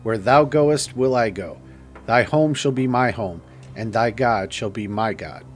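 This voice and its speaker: A man's voice: mid-range voice, measured pace, soft background music, lightly acted. A man voicing a devoted young woman who pleads with her beloved in tender, old-fashioned speech. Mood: tender devotion. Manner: archaic, solemn, tender pleading. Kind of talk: audiobook character reading.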